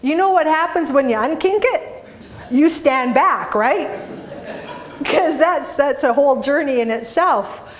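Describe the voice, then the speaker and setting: A Canadian woman with a high-sitting voice and measured pace gives a humorous inspirational talk, telling animated stories and putting questions to the audience.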